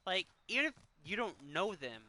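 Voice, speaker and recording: Thirty-something guy streaming a game, all choked up and sighing, super bright voice. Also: sits high, big pitch swings, normal speed. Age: 30s. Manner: earnest, emotional, sighing often. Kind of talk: casual chat while gaming.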